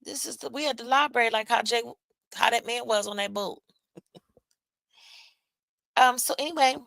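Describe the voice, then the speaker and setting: A woman's voice: fairly high pitch, normal speed, gravelly, a bit bright, dry recording, rough recording. A woman hosting a live stream, chatting casually with viewers in a loose, profane way with laughing asides. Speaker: livestream host.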